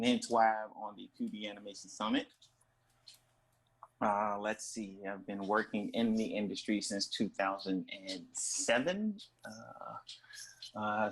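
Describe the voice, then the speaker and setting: A man with a fairly low voice, interviewed as a guest artist. He talks in a relaxed, playful way and laughs easily. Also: husky, low-quality recording. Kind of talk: casual interview.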